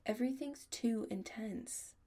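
A woman's voice: on the high side, measured pace, mellow, husky, pitched above the performer's own voice. A woman voicing a protective young male werewolf, tender but firm, in audiobook dialogue. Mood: stern.

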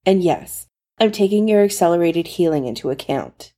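A woman voicing a caring man who talks briskly and reassures softly. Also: sits high, animated. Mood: brisk, reassuring. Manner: soothing, brisk and practical. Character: caring, reassuring man, fast-talking and steady.

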